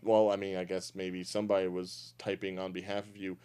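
A man's voice: deep voice, completely flat delivery, brisk, warm tone, clear, resonant tone. A man hosting a casual podcast chat, joking and rambling as he talks. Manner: joking, rambling, chuckles often. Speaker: podcast host.

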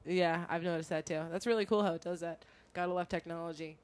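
Laid-back woman trading quick quips. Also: lowish voice, fairly even intonation, darkish tone. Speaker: podcast co-host. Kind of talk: casual podcast banter.

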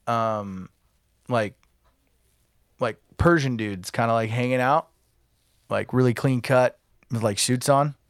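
A man's voice: medium pitch, takes it slowly, long pauses, no echo, clean studio sound. A man co-hosting a podcast, telling a rambling story with lots of filler words and acted-out quotes. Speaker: podcast co-host. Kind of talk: casual storytelling.

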